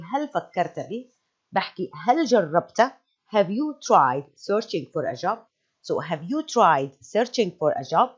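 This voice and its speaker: Lively woman teaching English. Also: mid-range voice. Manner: repeats example phrases, switches between English and Arabic. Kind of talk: bilingual English lesson. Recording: dull lo-fi recording.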